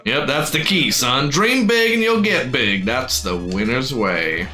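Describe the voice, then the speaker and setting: A man's voice: medium pitch, expressive, drawn-out words, a bit bright, soft background music. A man voicing a boisterous, folksy old male fighting-club boss in a game, with a drawling country twang.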